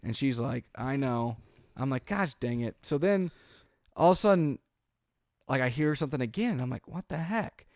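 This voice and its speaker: Dad podcast co-host, 30s, mid-pitched, chatty storyteller, dry close sound. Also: male voice, normal speed, no echo. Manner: animated storyteller, acts out quotes, frequent "like" and "um". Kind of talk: casual storytelling chat.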